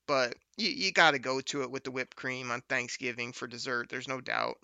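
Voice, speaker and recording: Host, man, very bright smooth voice, dry close sound, upbeat. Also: medium pitch, big pitch swings, normal speed, dry recording. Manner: laughs easily, upbeat storyteller. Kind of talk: casual chat.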